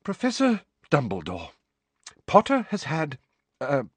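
A man voicing a stern, brisk older woman professor who speaks in a clipped, commanding way. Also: on the high side, wildly swooping pitch, husky, dry recording, pitched above the performer's own voice, full character voice.

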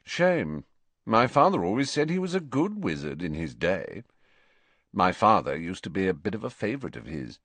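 A man's voice: sits low, very animated, moderate pace, a bit bright, husky, dry recording, full character voice. A man voicing a spoiled, sneering teenage wizard boy who drawls with scorn. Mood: scornful.

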